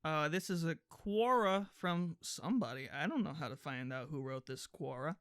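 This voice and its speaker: A man's voice: fairly high pitch, moderate pace, a bit bright, smooth, no echo, clean studio sound. A man co-hosting a comedy podcast over a video call, full of silly wordplay and mock-grand phrasing. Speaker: podcast co-host. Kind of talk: casual comedic chat.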